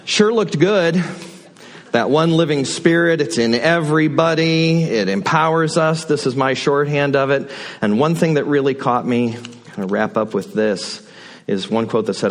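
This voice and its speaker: A man's voice: lowish voice, measured pace. A man giving a sermon from a church pulpit, conversational and reflective, with folksy asides. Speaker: guest speaker at the pulpit. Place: church sanctuary.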